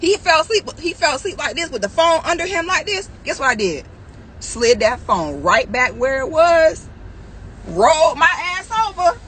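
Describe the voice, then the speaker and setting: A woman vlogger with a high, very animated, slightly bright voice rants and tells a story directly to her viewers at a normal speed. She acts out what people said and laughs often, though the audio is poor with slight background noise.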